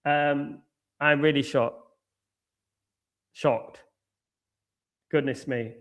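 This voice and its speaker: A man runs a live football watchalong stream, reacting to the play and calling out viewers by name. His voice is a little high, his manner excitable and chatty, and he talks extremely slowly.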